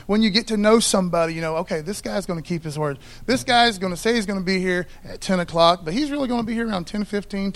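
Man, fairly high voice, conversational sermon, folksy preacher, checks in with listeners. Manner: conversational, folksy, asks the congregation often. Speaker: pastor.

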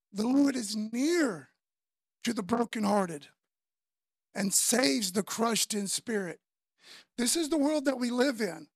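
Gravelly fifty-something preacher from Florida. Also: male voice, sits high, no room sound, clean studio sound. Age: 50s. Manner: conversational preaching, says "man" often, swings between loud and soft. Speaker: pastor. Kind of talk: sermon.

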